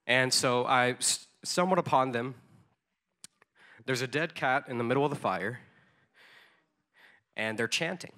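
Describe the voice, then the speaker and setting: A man delivering a sermon as a personal story, his voice bright and forward. He speaks in a relaxed, conversational way, stumbling over repeated words and filling pauses with ums. His pitch sits in an ordinary middle range for a man. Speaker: conference speaker.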